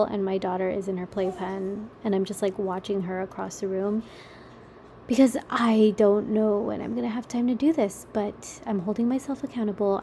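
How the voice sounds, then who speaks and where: A woman's voice: mid-range voice, a little mellow, a little hiss or hum. A young adult woman hosting a casual solo podcast from her kitchen table, chatty and rambling, swearing casually and laughing at herself. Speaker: podcast host.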